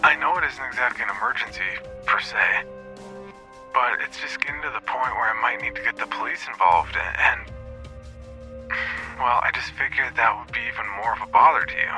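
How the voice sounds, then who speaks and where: A man's voice: mid-range voice, bright, forceful tone, soft background music, voice pushed up, low-quality recording. A man voicing a nervous, hesitant store clerk who stammers politely in a storybook horror tale. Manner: halting, stammering speech.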